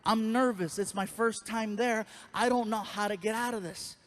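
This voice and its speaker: A man doing animated stand-up storytelling on a live stage, acting out the people in his story. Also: high voice, normal speed. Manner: animated storyteller who acts out other voices. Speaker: stand-up comedian.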